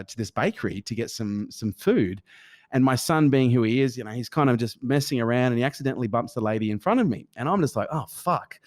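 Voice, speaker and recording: Male host, animated, profane storyteller in casual interview chat. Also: medium pitch. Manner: animated storyteller, swears, acts out quoted people. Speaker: podcast host.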